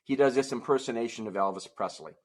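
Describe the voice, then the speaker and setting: A man's voice: mid-range voice, fast. A man performing as a musical ventriloquist, patiently explaining things to young audiences between puppet bits. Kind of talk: ventriloquist show patter.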